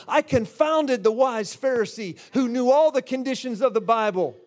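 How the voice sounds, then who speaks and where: A man preaching a charismatic sermon in a fervent, exclamatory way, breaking into shouts and laughter. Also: very high-pitched, moderate pace, hardly any pauses.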